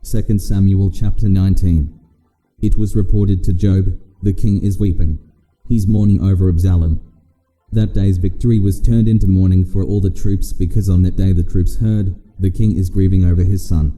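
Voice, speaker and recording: A man reading the Bible aloud in a steady, measured scripture reading. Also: sits low, in a large hall, low-quality recording. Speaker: Bible reader.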